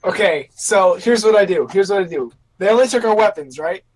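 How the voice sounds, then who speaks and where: A man playing a tabletop game over a video call, stating his character's actions plainly and quickly. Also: high voice, expressive, a little mellow. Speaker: player. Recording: faint background noise.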